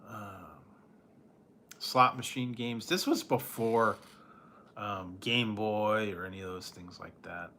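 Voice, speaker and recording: A man's voice: lowish voice, steady tone, slow, sharp tone, slight background noise. A man chatting casually as a food reviewer, rambling, trailing off, and chuckling often between remarks. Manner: nostalgic, trails off and restarts. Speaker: food reviewer reading live chat. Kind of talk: casual chat.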